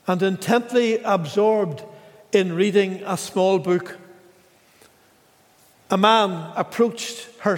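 A man preaching a sermon in a slow, measured way, with dramatic pauses. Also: high voice, long reverb tail.

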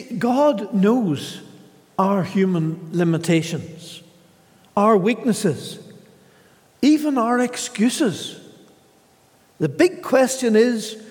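A man delivers a sermon in a high, lively voice that rises and falls widely. He speaks slowly, in short measured phrases with dramatic pauses, and his words ring through a hall with long reverb. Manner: slow, measured preaching with dramatic pauses, voicing scripture quotes. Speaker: preacher.

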